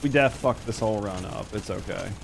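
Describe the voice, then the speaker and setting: A man's voice: fairly low pitch, fairly quick, creaky, background noise. A man in his thirties streaming a game, joking and swearing as he chats with viewers. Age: 30s. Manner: profane, joking, reads chat aloud while playing. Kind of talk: casual gaming stream chat.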